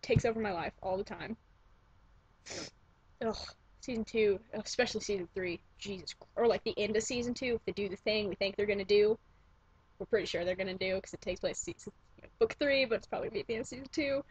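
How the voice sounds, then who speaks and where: Gushing, husky young woman vlogging. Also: medium pitch, fast talker, rough recording. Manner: gushing, profane, self-interrupting. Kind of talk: casual rambling vlog. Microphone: computer webcam mic.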